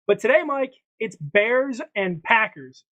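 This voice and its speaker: On a dull, lo-fi recording, a male podcast host with a high, bright, forceful voice talks through sports predictions. He speaks a little slowly and expressively, casually presenting and often starting sentences over.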